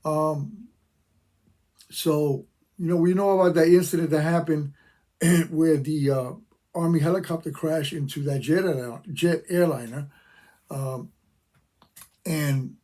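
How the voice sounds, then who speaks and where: An older veteran YouTuber rants passionately to his viewers, repeating himself and speaking with emphasis as he gives his opinion to camera. His voice is a little high, darkish, and slightly rough.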